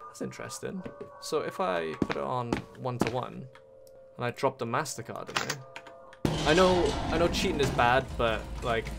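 A man's voice: mid-range voice, moderate pace, vocal fry. A man streaming a horror game, talking casually to viewers, swearing a lot and breaking into panicked yelps and repeated pleas. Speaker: gaming streamer. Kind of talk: casual gameplay commentary. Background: loud game music.

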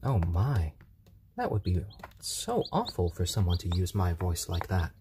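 A low-voiced man chats slowly on a live stream, his tone calm and soothing and his pitch swinging up and down as he coos at baby chicks. Their chirping is clearly heard behind him. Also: slight background noise. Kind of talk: casual live-stream chat.

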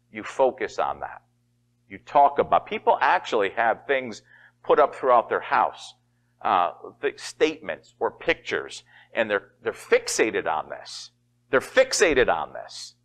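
A middle-aged man preaching a sermon as pastor, folksy and animated, often laughing and acting out quotes. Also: medium pitch.

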